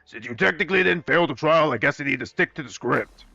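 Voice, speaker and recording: A man's voice: a little high, animated, quick pace, vocal fry, pushed and bright, no echo, soft background music, exaggerated voice. A man voicing a sly, teasing host of a deadly school game who drawls smugly and acts innocent, on a dull, muffled recording. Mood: coy. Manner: smug, drawling, mock-innocent.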